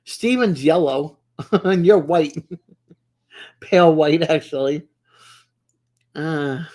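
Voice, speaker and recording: Slow-talking giggly woman streamer. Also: sits low, a little mellow. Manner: giggly, teasing, chats with viewers by name. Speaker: livestream host. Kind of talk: casual chat with live viewers.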